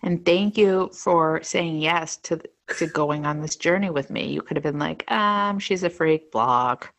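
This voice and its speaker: A playful woman co-hosting a chatty podcast, her voice sitting a little low. She speaks at a slow, easy pace and teases her co-host as they talk. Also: fairly even intonation. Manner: playful, teasing, unhurried. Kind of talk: casual chat.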